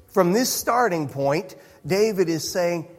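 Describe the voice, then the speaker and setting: Husky, lively pastor in a reverberant hall. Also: male voice, high voice, slow pace. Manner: conversational, self-interrupting, chuckling asides. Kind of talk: sermon.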